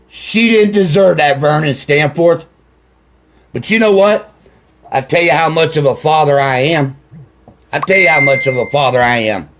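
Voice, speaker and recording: A man's voice: fairly high pitch, fairly bright tone. A man, a grieving father, in an angry direct-to-camera video rant, accusing officials and swearing with heavy repetition. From Ohio.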